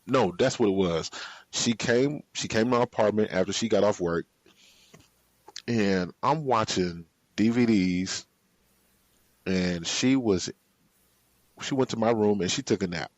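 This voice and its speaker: A man from the United States, a podcast guest, telling a personal story in a relaxed, drawn-out way with slang. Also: fairly low pitch, dry recording. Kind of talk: storytelling in a casual interview. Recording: slightly muffled, dry sound.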